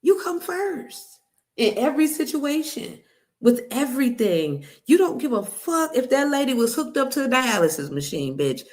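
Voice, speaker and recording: A woman's voice: high-pitched, sing-song, moderate pace, a little mellow. A woman giving reaction commentary, outraged and emphatic, cussing.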